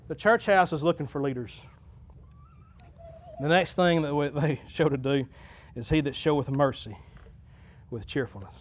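A pastor with a notably high voice delivers a folksy sermon in church. He talks plainly to the congregation, swells into loud preaching runs and then settles back to a quieter, conversational tone. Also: moderate pace, long pauses. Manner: folksy, builds to loud preaching crescendos then drops low. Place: church sanctuary.

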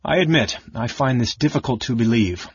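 A man voicing an old male archmage speaking in a measured, patronizing way. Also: medium pitch, expressive, breathy edge, dry recording, highs cut off. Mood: condescending.

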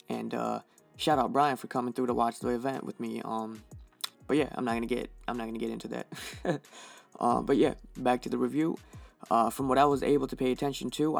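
A man's voice: mid-range voice, gravelly. Heated, profane man reviewing fights. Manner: heated, swears constantly, rambling fillers. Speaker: fight podcast host.

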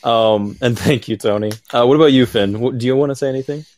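A man's voice: mid-range voice, fast, a little mellow. A man hosting a podcast, chatting in a rambling, upbeat way with lots of "like"s. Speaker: podcast host. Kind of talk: casual chat.

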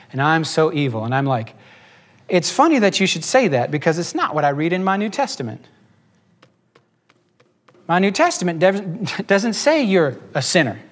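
A pastor preaching a sermon from the pulpit. He is a man with a fairly high voice, and he keeps changing his pace. He slips into little acted-out voices for the people he quotes. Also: a bit bright. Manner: preaching with quick shifts between pace and pitch, acting out voices.

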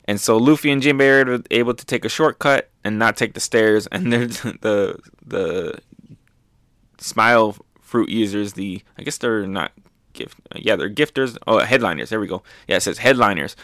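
A man's voice: fairly low pitch, fairly bright tone, clear, resonant tone, no echo, clean studio sound. A man hosting a manga review, chatting loosely with lots of fillers and swearing as he recaps chapters. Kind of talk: casual recap commentary.

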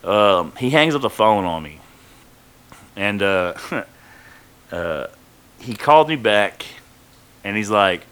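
A man's voice: on the low side, lively intonation, slow pace, long pauses, fairly bright tone, clear, resonant tone. A man casually telling a rambling, profane story from his own life on a podcast, full of fillers.

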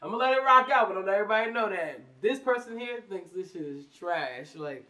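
High-voiced fast-talking man, off-mic. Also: animated, sharp tone, far from the mic. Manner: loose, profane, storytelling banter. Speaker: podcast host. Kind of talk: casual podcast chat.

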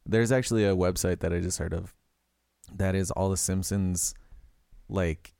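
A man with a very deep voice chats on a podcast. He fires off quick questions and cracks jokes. The mic is dry and close. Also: fairly even intonation, creaky, mellow, smooth, dry recording. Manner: quick questions and joking interjections. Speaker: podcast co-host. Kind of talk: casual chat.

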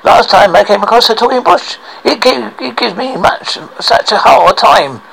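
A man's voice: sits high, normal speed, creaky, fairly bright tone, breathy edge, pitched above the performer's own voice, exaggerated voice, rough recording. A man doing a blunt, fair-minded woodcutter. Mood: grumbling.

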